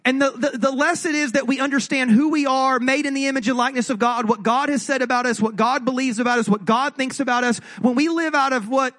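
A man's voice: very high voice, steady tone, fast talker, hardly any pauses, a bit bright. A male pastor giving a sermon in a conversational, jokey way, often asking the audience questions.

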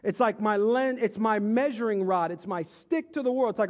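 High-voiced male pastor in echoing hall. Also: normal speed, few pauses. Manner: conversational, joking, teases the congregation. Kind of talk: sermon. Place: church sanctuary. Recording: dull lo-fi sound with long hall reverb.

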